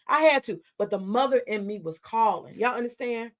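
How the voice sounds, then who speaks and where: A woman talks straight to her livestream chat. Her voice sits somewhat high, and she argues in a confrontational, profane, unfiltered way. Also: expressive, moderate pace. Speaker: livestream host.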